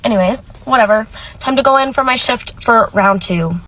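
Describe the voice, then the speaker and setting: A woman's voice: a little high, normal speed, low-quality recording. A woman working retail, telling a story in a casual, chatty way and acting out the dialogue. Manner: chatty, animated quoting of dialogue. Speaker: retail cashier.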